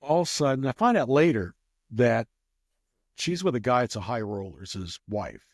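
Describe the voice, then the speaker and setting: A man's voice: mid-range voice, expressive, normal speed, a little mellow, no room sound, clean studio sound. A man telling a rambling casual story as an interview guest, with many restarts. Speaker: guest, craps player.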